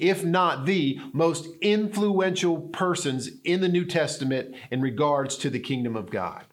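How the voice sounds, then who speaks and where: A middle-aged man delivers a sermon in a voice pitched a little high. He preaches with animation, acting out the scripture he quotes with strong emphasis. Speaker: pastor.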